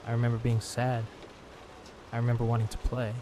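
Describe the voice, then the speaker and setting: A man's voice: mid-range voice, brisk, noisy background, lightly acted. A man voicing a sad haunted train monster. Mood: sorrowful. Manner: plaintive, childlike pleading. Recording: steady rain sound behind.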